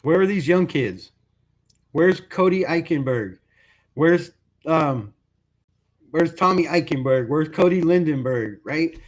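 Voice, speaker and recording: A man's voice: on the high side, expressive, takes it slowly, pauses often. A man hosting a fan channel, giving a casual, frustrated sports rant full of "bro" and "right?". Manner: frustrated, conversational, says "bro" and "right?" a lot.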